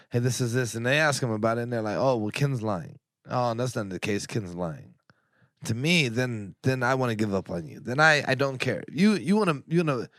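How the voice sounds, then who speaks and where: A man's voice: mid-range voice, fairly bright tone, no echo. Blunt, profane man, dry close mic. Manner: blunt, profane, worked-up storytelling. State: annoyed. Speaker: podcast co-host. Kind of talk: casual chat.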